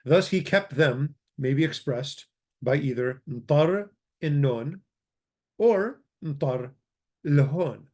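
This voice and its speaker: A man teaching a language grammar lesson, walking through examples and repeating words slowly and methodically. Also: on the high side, expressive, a little mellow.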